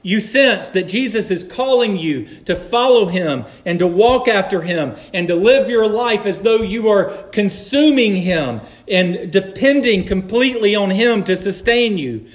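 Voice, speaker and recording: A man with a fairly high voice delivers a sermon at a slow, deliberate pace. He speaks earnestly and in measured phrases. He leans on emphatic pauses to drive each point home. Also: lively intonation. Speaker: preacher.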